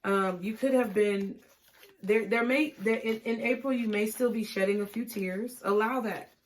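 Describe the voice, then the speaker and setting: A woman giving a tarot reading, talking gently and reassuringly and often checking in with "okay?". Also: medium pitch, steady tone, normal speed, slight background noise. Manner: casual, laughing and swearing at times. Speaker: tarot reader.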